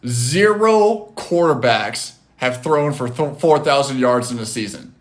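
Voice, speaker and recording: A man hosting a casual live stream from his phone, talking with chat in an animated, loose way with casual swearing. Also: medium pitch, measured pace, few pauses.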